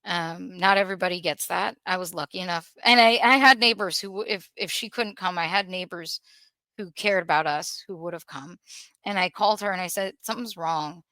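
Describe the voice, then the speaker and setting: A woman telling a painful personal story in an emotional, earnest way, pausing and restarting as she holds back tears. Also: on the low side, steady tone, bright, forceful tone, dry recording. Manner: earnest, halting, with restarts and pauses. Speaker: podcast guest sharing a personal story.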